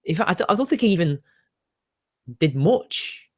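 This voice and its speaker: A man's voice: high voice, very animated, normal speed. A young British man with a British accent, hosting a casual livestream and answering chat with sardonic asides and frequent laughs. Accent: British English. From Britain. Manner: chatty, sardonic, laughs often, answers viewer questions. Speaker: livestream host reading chat.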